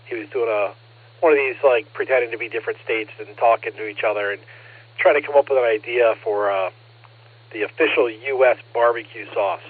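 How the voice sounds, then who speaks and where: A man's voice: mid-range voice, brisk. A man checking into a ham radio net, telling a rambling story in a casual way. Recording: narrow ham radio transmission.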